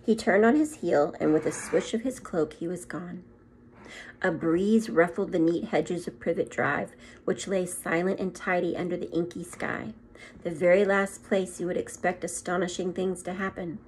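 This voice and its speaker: A woman, a second grade teacher, reading a children's book aloud in a gentle, expressive storytelling manner. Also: fairly low pitch, normal speed, slight background noise.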